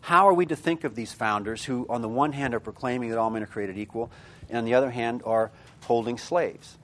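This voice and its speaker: A man's voice: medium pitch, brisk. A male lecturer speaking in a middle register to a class of teachers. He thinks aloud, circling through fillers and restarts before stressing his key terms with punchy emphasis. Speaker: seminar lecturer.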